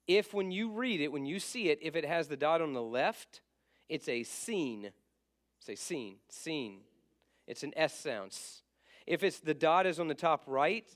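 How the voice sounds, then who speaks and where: A man's voice: a little high, a bit bright. A man teaching a class in a casual, repetitive way, often trailing off while he writes on a board. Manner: casual, repeats letter names, writes on board while talking.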